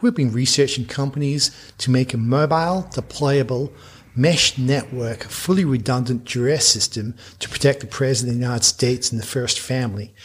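Stiff formal secret service agent on the phone, dc accent, done by a man telling a story, kinda husky. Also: mid-range voice, normal speed, close to an everyday voice. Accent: Washington DC.

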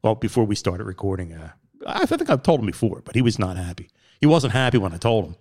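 A middle-aged man, hosting a casual podcast chat and telling stories with lively quoted voices and frequent laughs. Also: fast. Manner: animated storyteller, jumps into high put-on quotes, laughs often. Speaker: podcast host.

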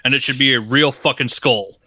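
A man co-hosts a casual podcast, tossing out blunt, crude jokes. His voice is very bright and sharp, and the recording is dry and close. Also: medium pitch, fairly quick, no room sound. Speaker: podcast co-host. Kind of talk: casual chat.

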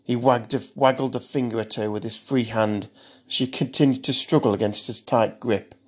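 Guy reading a thriller audiobook, steady and measured, middle pitch. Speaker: narrator.

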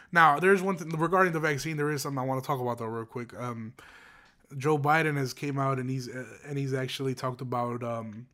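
A man's voice: on the high side, fairly bright tone. Profane, heated young man ranting. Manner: profane, slangy, heated and rambling with many fillers. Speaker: podcast host. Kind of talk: casual opinion rant.

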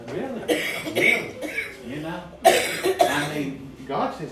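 A man's voice: high-pitched, very animated, takes it slowly, over a noisy crowd. A man preaching a sermon in an emphatic, repetitive cadence in a church. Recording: very echoey, distant mic.

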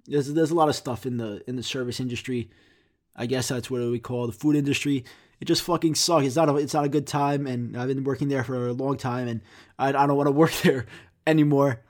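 A man's voice: medium pitch, steady tone, a little fast, darkish tone. A young man hosting a podcast, answering viewer comments in rambling, profane, jokey casual chat. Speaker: podcast host.

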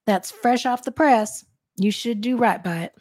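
A woman voicing a gruff middle-aged male Texas deputy with a Southern drawl, stern but fatherly. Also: on the high side, measured pace, darkish tone, dry recording, clean studio sound, pitched above the performer's own voice. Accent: Texan Southern.

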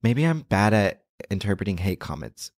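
A young man with a very low, gravelly voice chats loosely on a podcast. He rambles and restarts a lot, and the recording sounds dry and close, as if made in a small quiet room. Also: normal speed, dry recording. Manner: relaxed, rambling with many likes and restarts. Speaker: guest. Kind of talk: casual podcast chat.

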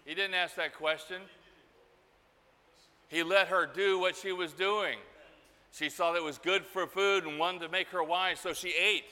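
A middle-aged man preaching a sermon, telling a story slowly and acting out the voices in it. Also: high-pitched, steady tone, bright, forceful tone. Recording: hall reverb.

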